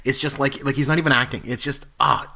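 A man's voice: medium pitch, quick pace, sharp tone. A man co-hosting a casual film podcast, talking about movies with eager, knowledgeable enthusiasm. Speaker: podcast co-host.

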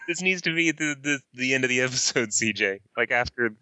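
A man's voice: medium pitch, lively intonation, brisk, pushed and bright, highs cut off. A man co-hosting a podcast in casual chat, teasing and playful. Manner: teasing, playful, bursts into laughter. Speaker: podcast co-host.

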